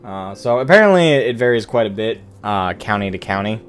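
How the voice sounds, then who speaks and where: Low-pitched guy streamer chatting loose, swears a lot, keeps correcting himself, soft music behind. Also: lively intonation, a little fast, clear, resonant tone. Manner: rambling, profane, self-correcting. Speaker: game streamer. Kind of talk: casual live-stream chat.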